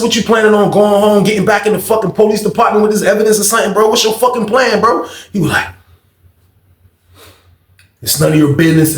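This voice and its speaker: A man's voice: high-pitched, echoey room. A man telling a storytime tale in casual slang, acting out each person's lines with shifting voices. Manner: animated, acts out dialogue with shifting voices, heavy slang and profanity. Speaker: storytelling channel host.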